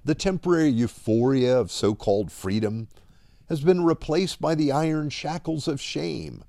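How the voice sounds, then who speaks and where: A man preaching a dramatic devotional sermon, slow and deliberate, often dropping to a hush at the end of a line. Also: on the high side, gravelly, no echo, clean studio sound.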